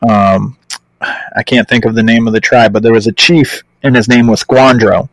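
A man in his thirties, a guest on a podcast, chatting casually and telling ghost stories with lots of swearing. He acts out the lines of the people in his stories with lively energy. His voice sits at a middle pitch and sounds close and dry. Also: moderate pace, no room sound, low-quality recording. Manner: animated storyteller, swears freely, acts out quotes. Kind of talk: casual podcast chat, storytelling.

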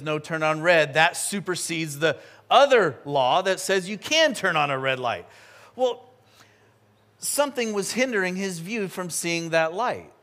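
A man, a pastor, preaching a sermon and telling a personal story in a lively, chatty way. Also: high voice. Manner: animated storytelling with quick asides.

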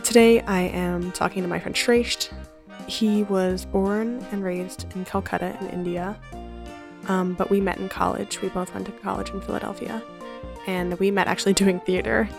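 A woman's voice: medium pitch, steady tone, moderate pace, gravelly, music in the background. A woman hosting a casual podcast conversation, chatty, laughing often and filling her talk with likes and ums. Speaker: podcast host. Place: home in New Jersey.

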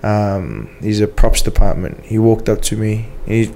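A man, a podcast guest recounting events in a relaxed, agreeable way. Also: on the low side, moderate pace, creaky, a little hiss or hum. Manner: relaxed, agreeable, says "bro" often. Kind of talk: casual chat.

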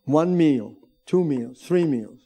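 A man preaches to his congregation in a high voice, pushing his lines upward into shouts and calling for amens. He keeps his delivery fervent as he drives each point home. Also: animated, slow pace, breathy edge. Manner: preaching with rising, shouted emphasis and calls for amens. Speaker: pastor. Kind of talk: sermon.

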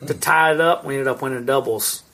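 A man's voice: mid-range voice, a little fast, gravelly, sharp tone. A man in his thirties, a podcast co-host, telling long rambling stories in casual chat and swearing freely. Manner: rambling storyteller, swears a lot.

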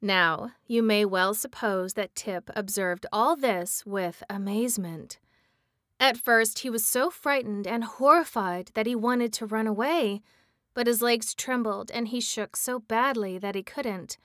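A woman reading a storybook aloud, measured and expressive. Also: fairly high pitch, dry recording, studio quality. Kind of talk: storybook read-aloud narration.

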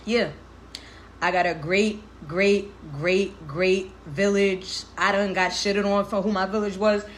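A woman's voice: mid-range voice, steady tone, slow pace, a little hiss or hum. A young woman in her twenties hosting a livestream, talking candidly and emotionally, laughing often and swearing freely in heavy slang. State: tearful. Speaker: livestream host. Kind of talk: casual livestream talk.

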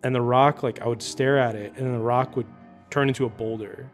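A man in a casual podcast chat, describing a recurring dream slowly and haltingly with lots of fillers. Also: medium pitch, steady tone, faint music behind. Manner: slow, halting, many fillers. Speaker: podcast host.

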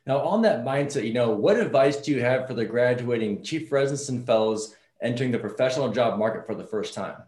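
A male interviewer asks a guest a career question in a measured way. His voice has an ordinary pitch. The recording has a roomy echo. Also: lively intonation, darkish tone. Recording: roomy, echoey.

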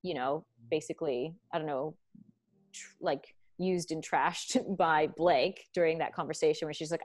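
A woman's voice: sits low, fairly even intonation, moderate pace. A young woman hosting a podcast, chatting casually and animatedly, swearing often and acting out quotes. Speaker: podcast host. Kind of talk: casual chat.

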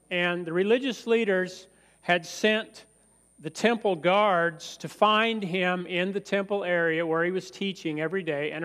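A man's voice: fairly high pitch, a bit bright, long reverb tail. A male pastor preaching a sermon in a church, emphatic and acting out quoted lines.

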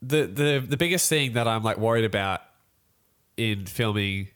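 A man's voice: on the low side, clear, resonant tone. A young man, telling a story in a casual podcast chat and acting out other people's voices as he goes. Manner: animated storytelling, quick laughs, acts out voices.

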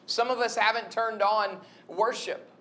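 A man's voice: high voice, unhurried. Man preaching a chatty sermon. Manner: conversational, storytelling, animated retelling.

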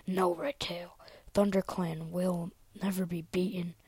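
A woman's voice: fairly low pitch, level tone, a little slow, a little mellow, breathy edge, dry recording. A woman voicing a proud, defiant male tomcat warrior in a whispered role-play.

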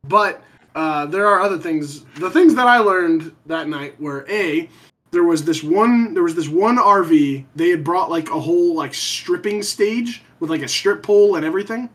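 A man's voice: high-pitched, animated, normal speed, a bit bright. Rambling man in casual chat. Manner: rambling storyteller, swears, trails off with ums.

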